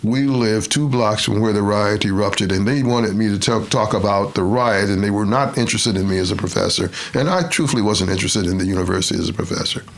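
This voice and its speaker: An older man from Detroit, a retired professor, telling his life story in a measured, reflective way and acting out the quotes. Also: lowish voice, vocal fry. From Detroit, USA. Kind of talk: storytelling interview.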